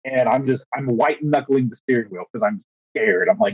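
A young man with a husky, mid-pitched voice tells a story on a podcast in a casual, animated way, acting out quotes and stumbling into restarts. He is recorded dry and close, with a slightly dull, lo-fi tone. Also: moderate pace, no echo. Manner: animated, acts out quotes, frequent restarts and fillers. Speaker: podcast co-host, teacher.

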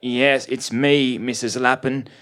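A man's voice: mid-range voice, flat delivery, takes it slowly, a bit bright. A contrite young man, read by the story's narrator in a spoken story. He speaks earnestly and carefully, in an apologetic, well-mannered way.

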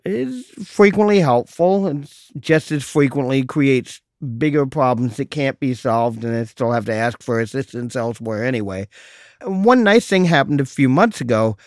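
A middle-aged man hosting a solo podcast, telling a story in a wry, deadpan way with mock exasperation. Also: mid-range voice, moderate pace, no room sound, clean studio sound. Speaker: podcast host.

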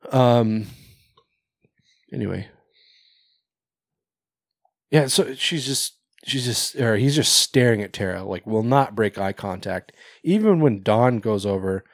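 A man's voice: lowish voice, no room sound, clean studio sound. Laughing, rambling man recapping a movie. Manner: rambling, swears, laughs often, acts out quoted characters. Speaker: podcast co-host. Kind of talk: casual movie recap chat.

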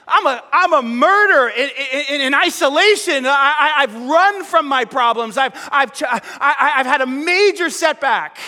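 A man playing an older shepherd, riddled with guilt and doubt, who stumbles over his words, pitched high and bright. The voice echoes with a long hall reverb. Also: lively intonation, normal speed, few pauses, full character voice. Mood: anxious. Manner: stammering, self-doubting.

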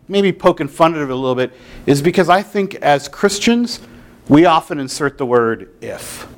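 A man preaching a sermon in a conversational way, with playful, mock-incredulous asides. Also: fairly high pitch. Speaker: pastor.

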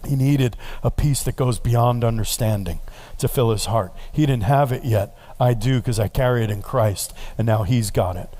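A male pastor delivers a sermon in an easygoing, conversational storytelling manner. His voice sits at an ordinary middle pitch. He leans into earnest emphasis as he moves toward prayer. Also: normal speed, dark tone.

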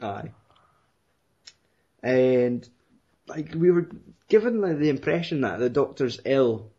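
A man's voice: medium pitch, lively intonation, slow pace, warm tone. Sweary man rambling. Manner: sweary, rambling, laughing retelling. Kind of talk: casual chat. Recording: dull lo-fi recording.

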